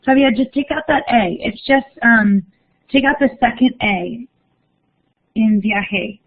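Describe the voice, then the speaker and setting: Through phone-like narrow audio, a young Spanish teacher runs a live online lesson, upbeat as she encourages students and reads their chat answers. Her slightly high voice keeps a measured pace.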